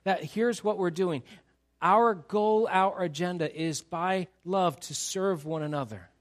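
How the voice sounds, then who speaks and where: A pastor preaches to his congregation with animated emphasis, teasing the crowd and acting out quotes. He has a high voice and takes his time.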